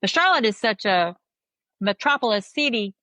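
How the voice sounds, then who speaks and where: A woman with a strong Southern accent from South Carolina chats as a podcast guest. She tells her stories in an animated way and voices the people in them. The sound is dry and close. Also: a little high, normal speed, no echo. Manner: animated storyteller, acts out quotes. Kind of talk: casual storytelling chat.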